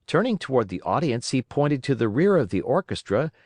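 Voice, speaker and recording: A man narrating a classic children's story for English learners, reading in an expressive, lively way. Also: medium pitch, brisk, no echo.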